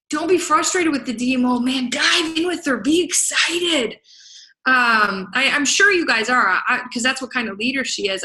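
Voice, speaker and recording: A woman giving an energetic motivational talk as a business coach, speaking to a laptop on a video call and punctuating her points with quick rhetorical questions. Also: a little high, low-quality recording. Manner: energetic, punchy, keeps asking "right?". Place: away from home, speaking to a laptop.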